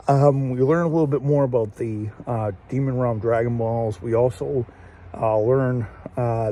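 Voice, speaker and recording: Male host, casual solo review, mellow tone, rambling with lots of restarts, faint background noise. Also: fairly low pitch. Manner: rambling, many fillers and restarts, laughs while retelling. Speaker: show host reviewing an anime episode.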